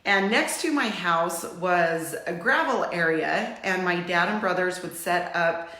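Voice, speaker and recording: A woman's voice: fairly low pitch, measured pace. Chatty emotional woman in an echoey room. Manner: warm, rambling, emotional and teary. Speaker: livestream host. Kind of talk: casual livestream chat.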